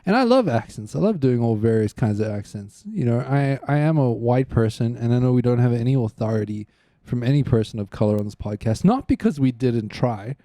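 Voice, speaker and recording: A man's voice: mid-range voice, lively intonation, fairly quick, hardly any pauses, dark tone, no room sound, clean studio sound. Crude rambling man on a comedy podcast. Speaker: podcast host. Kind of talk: casual comedy podcast chat.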